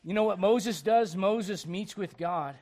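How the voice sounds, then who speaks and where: Pastor, male, high voice, lively preaching with jokes and acted quotes. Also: measured pace. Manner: animated, humorous, laughing asides, acts out quotes. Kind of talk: sermon.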